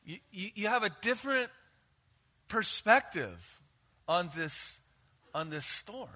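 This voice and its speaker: A man preaching a sermon, moving between hushed asides and loud acted-out quotes from scripture. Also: sits high, slow pace. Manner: animated, shifts between hushed and shouted quotes. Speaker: pastor.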